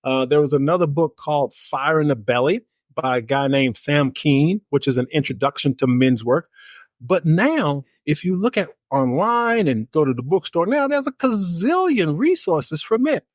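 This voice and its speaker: A man's voice: fairly high pitch, expressive, normal speed, dry recording, studio quality. A middle-aged man, a life coach and author, speaking emphatically and upbeat as a podcast guest. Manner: emphatic, upbeat, repeats key phrases. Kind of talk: podcast interview.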